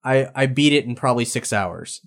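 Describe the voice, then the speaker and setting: A man's voice: medium pitch, lively intonation, a little fast. A man co-hosting a podcast, talking in a loose, enthusiastic way with frequent restarts. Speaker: podcast co-host. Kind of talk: casual chat.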